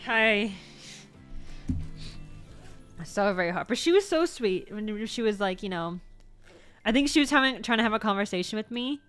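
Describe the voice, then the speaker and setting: A woman's voice: mid-range voice, animated, fairly quick, fairly bright tone, smooth, soft background music. A woman VTuber chatting casually about things she bought, rambling and correcting herself as she goes, with the odd swear word. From United States. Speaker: VTuber vlogger. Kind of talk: casual show-and-tell chat.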